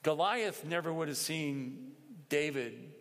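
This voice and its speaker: Slow-speaking male preacher in a reverberant hall. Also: fairly high pitch, expressive. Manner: measured, explanatory, with pauses and asides. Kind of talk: sermon.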